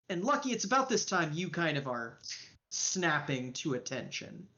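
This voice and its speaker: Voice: mid-range voice, sing-song, moderate pace, pushed and bright. Casual game master on a dull stream. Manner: casual, loose, lots of fillers. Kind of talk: narrating a tabletop game.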